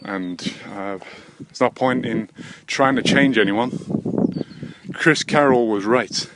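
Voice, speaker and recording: A young man from England takes it slowly as he talks in a medium-pitched voice, filming himself handheld while he walks by a windy road. His vlog is a self-deprecating, rambling monologue laced with swearing, and the audio carries wind noise and the sound of passing traffic.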